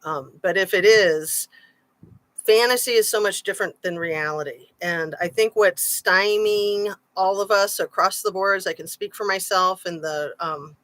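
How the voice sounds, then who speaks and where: A woman's voice: mid-range voice, measured pace, fairly bright tone, poor audio. A woman hosting a casual true-crime livestream, talking through her thoughts in a rambling way and reading out viewer comments. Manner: chatty, rambling, frequent "um" and "like".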